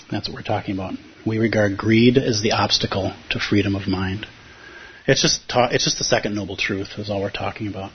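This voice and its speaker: Brief: male Zen teacher, husky, dull lo-fi room recording, casual talk to a group. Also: lowish voice. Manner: conversational, playful, acts out inner voices. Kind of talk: dharma talk. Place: meditation hall with a live audience.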